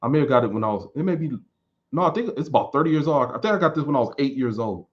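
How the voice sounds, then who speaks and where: A man in his thirties in casual chat, answering viewer questions in a relaxed, rambling way and repeating words as he thinks. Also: medium pitch, very fast. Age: 30s. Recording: dull lo-fi recording.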